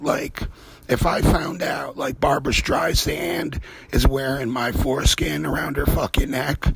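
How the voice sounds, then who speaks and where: Raspy gravelly man ranting profanely. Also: a little high, fairly bright tone. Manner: profane, conspiratorial, jokey. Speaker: host. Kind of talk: rambling comedic monologue.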